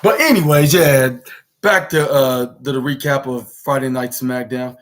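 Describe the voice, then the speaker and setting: A man's voice: medium pitch, a little slow. A male podcast host giving a casual, rambling wrestling recap that often stops to correct itself.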